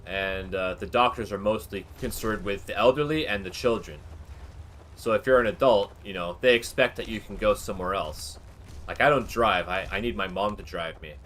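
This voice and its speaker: A man's voice: lowish voice, normal speed, a bit bright, a little hiss or hum. A man chatting casually while he streams a game. He rambles candidly, with lots of fillers and the odd swear word. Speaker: gaming livestreamer.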